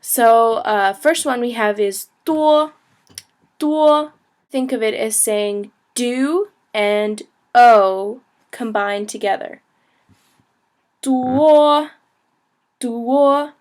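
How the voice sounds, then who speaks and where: A woman's voice: a little high, slow. A woman in her twenties gives a casual video lesson, chatty and laughing easily, full of "like" and "you know". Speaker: language teacher, travel vlogger.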